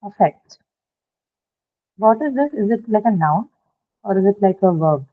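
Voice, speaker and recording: Casting: female teacher, patient step-by-step explainer, mid pitch, tinny phone-line audio. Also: expressive, measured pace. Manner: patient, explains step by step, keeps checking with "right?". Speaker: English pronunciation teacher. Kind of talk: online classroom lecture.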